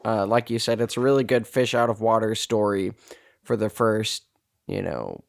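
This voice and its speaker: A man with a low, gravelly voice talks casually on a movie podcast. His sentences wander, and he restarts them often as he works out his opinion. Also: moderate pace. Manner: rambling, self-correcting, laughs easily. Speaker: podcast co-host. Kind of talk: casual movie-review chat.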